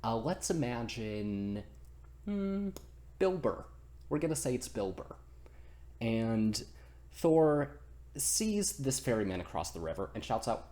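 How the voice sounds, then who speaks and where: A man's voice: fairly low pitch, very animated, slow, darkish tone. A man casually retelling a myth as a comedy, goofy and rambling, interrupting himself often. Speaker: storyteller, channel host.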